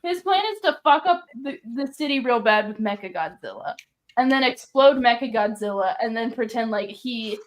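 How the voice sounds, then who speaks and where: A woman chatting casually on a comics podcast, recapping a comic plot in an animated, giggly way. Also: on the high side, moderate pace, poor audio. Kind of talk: casual chat.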